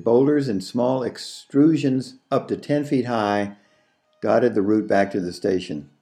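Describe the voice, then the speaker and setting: A man narrating an audiobook story in a slow, measured reading. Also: fairly low pitch, dark tone.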